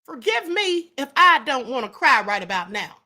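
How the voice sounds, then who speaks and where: A woman's voice: high-pitched, very animated, moderate pace, sharp tone. A woman hosting a live-stream commentary show, talking bluntly and emphatically, repeating her points and speaking straight to her chat. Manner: addresses the chat directly. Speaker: livestream show host.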